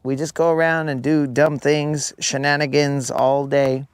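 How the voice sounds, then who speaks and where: A man hosting a live fishing stream, bantering and teasing his viewers in loose, slangy talk. His voice sits a bit high for a man and comes through smooth and clear. The sound is dry and close, with little room around it. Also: level tone, a little slow, no echo.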